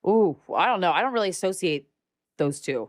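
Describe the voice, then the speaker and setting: Lively low-voiced woman, candid and expressive. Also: a little fast, dry recording, studio quality. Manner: animated, swearing, expressive. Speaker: podcast guest. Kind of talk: casual conversation.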